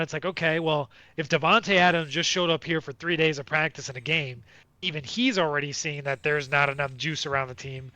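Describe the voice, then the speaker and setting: Bright, dry-sounding man in sports chat. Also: on the high side, steady tone, brisk, no room sound. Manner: rambling, many fillers and restarts. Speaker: podcast co-host.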